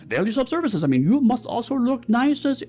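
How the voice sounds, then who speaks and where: A man's voice: very high voice, sing-song, brisk, darkish tone, muffled recording, pitched above the performer's own voice, exaggerated voice. A man voicing a fussy male cat shop owner who puts on a bad foreign accent, flustered and overly polite. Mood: obsequious.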